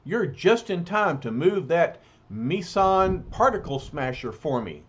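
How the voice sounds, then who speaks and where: A man voicing a brisk, commanding male scientist leading a superhero team in a comic read-aloud. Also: on the high side, big pitch swings, highs cut off, pitched above the performer's own voice. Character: brisk, bossy male scientist hero leader.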